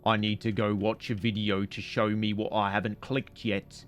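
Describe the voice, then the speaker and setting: A man's voice: on the low side, little pitch movement, moderate pace, few pauses, soft background music. A man streaming a mystery game, with casual, sarcastic, muttering commentary as he plays.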